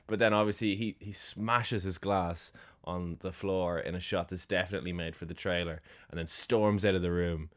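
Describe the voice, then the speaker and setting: A man's voice: low-pitched, fairly even intonation, moderate pace, hardly any pauses. A man co-hosting a film podcast, chatting casually and sarcastically, acting out characters' lines and laughing often. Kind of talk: casual film review chat.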